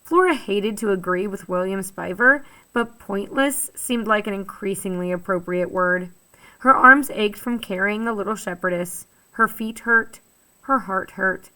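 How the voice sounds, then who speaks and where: A woman teacher reading a children's novel aloud, lively and expressive, giving each character a voice. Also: mid-range voice, measured pace, low-quality recording. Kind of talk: storybook read-aloud.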